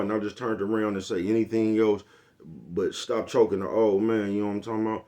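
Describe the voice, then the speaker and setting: A man with a deep, low voice rambles through a casual monologue to his viewers. He swears freely and keeps asking whether they know what he is talking about. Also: a little fast, dark tone. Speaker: vlogger.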